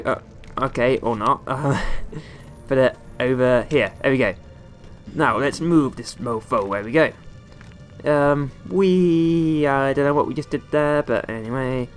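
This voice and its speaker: A young man giving playful, rambling let's-play commentary over a video game, often jumping into squeaky high exclamations. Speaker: gaming YouTuber.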